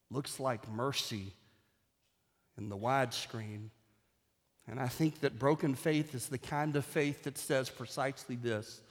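A man's voice: mid-range voice, big-room sound. A male pastor giving a sermon, telling a story in vivid detail and building to an emotional peak.

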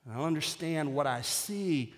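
Brief: male pastor, somewhat high voice, vivid sermon storytelling, long hall reverb. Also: animated, moderate pace. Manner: storytelling, building to an emotional peak.

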